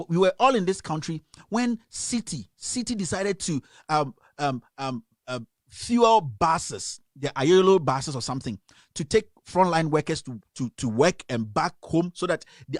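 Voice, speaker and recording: A man's voice: high voice, no room sound, studio quality. A Ghanaian man hosting a radio stream, giving angry, impassioned news commentary and repeating himself. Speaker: radio host. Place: home in the United States.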